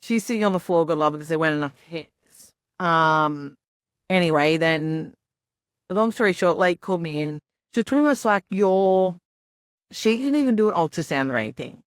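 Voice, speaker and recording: A woman's voice: lowish voice, animated, moderate pace, no echo, studio quality. A young woman on a podcast, telling her story in a rambling, casual way full of "like" and quoted asides.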